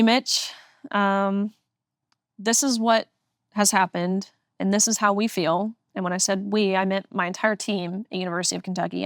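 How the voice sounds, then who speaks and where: A young woman in her twenties, a guest on an interview show, recounts a personal story with earnest emphasis. Her voice sits at an ordinary middle pitch. The sound is close and dry, with no room around it. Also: fairly bright tone, dry recording.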